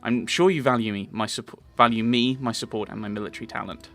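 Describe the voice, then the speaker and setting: A man's voice: medium pitch, steady tone, fast talker, a bit bright, lightly acted. A man reading the lines of a proud, guarded young woman warrior from a game in his own plain voice. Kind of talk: reading game dialogue aloud.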